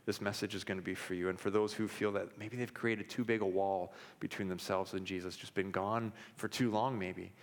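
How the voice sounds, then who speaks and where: Male pastor, thirties, lowish voice, candid storytelling sermon, long hall reverb. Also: steady tone, brisk, few pauses. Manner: candid, personal storytelling with frequent restarts and fillers.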